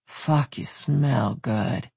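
A narrator voicing a strong, tender, confident man who talks in a low rumbling murmur, read in a dry, husky voice. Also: very slow, a little mellow, no echo, full character voice.

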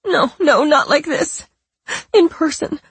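A woman's voice: extremely high pitch, expressive, moderate pace, no room sound, pitched above the performer's own voice. A woman voicing a scheming young woman who fakes terror on a phone call, speaking in a shaky, quavering, pleading voice. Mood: fake panic. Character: scheming young woman faking terrified sobs.

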